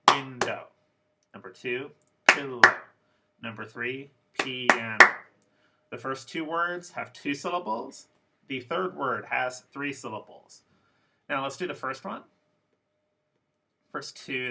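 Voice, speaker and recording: A man teaching an English pronunciation lesson, speaking slowly and deliberately and repeating each example word. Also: medium pitch, bright, forceful tone. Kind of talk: classroom lecture.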